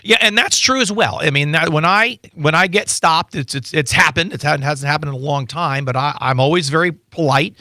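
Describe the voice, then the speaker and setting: A man appearing as an attorney guest, chatting casually in a radio studio and telling animated stories with lots of restarts. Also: fairly high pitch, fairly quick, hardly any pauses, no echo. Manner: animated storytelling with frequent restarts. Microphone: studio microphone.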